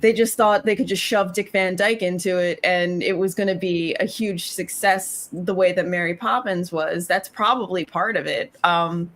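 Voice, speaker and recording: A woman's voice: on the low side, fairly even intonation, moderate pace, hardly any pauses, a bit bright. A woman co-hosting a podcast, chatting casually about a film with many fillers and restarts. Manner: rambling, heavy use of "like" and "um". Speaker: podcast co-host. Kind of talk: casual movie review chat.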